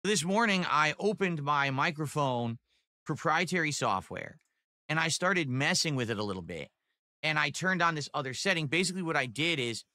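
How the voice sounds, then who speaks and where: A man's voice: fairly high pitch, pushed and bright, no room sound, clean studio sound. A man rambling casually to his stream audience, with many fillers.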